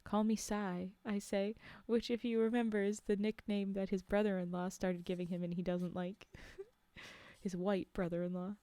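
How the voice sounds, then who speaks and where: A woman reads a story aloud on a livestream and chats with her listeners in between. Her voice is mellow and smooth. The sound is close and dry. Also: mid-range voice, moderate pace, dry recording. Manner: relaxed, chatty, with asides.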